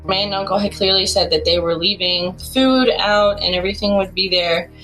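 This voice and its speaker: A woman calling in to share her true ghost story, speaking in a casual, rambling way full of "like" fillers, with animated bursts as she relives it. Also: a little fast, low-quality recording. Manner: rambling, heavy use of "like" fillers; animated retelling with bursts of rising pitch. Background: faint music bed.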